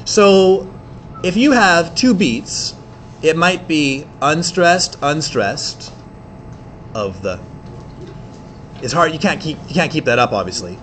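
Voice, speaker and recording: A man teaching an English class, explaining in quick bursts with many fillers and restarts. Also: a little high, expressive, fairly bright tone, slight background noise. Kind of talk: classroom lecture.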